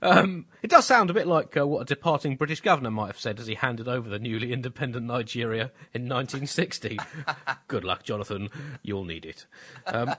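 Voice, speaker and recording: A man's voice: mid-range voice, brisk, a bit bright, breathy edge. A man co-hosting a comedy podcast, delivering dry, wry asides in casual banter. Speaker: co-host.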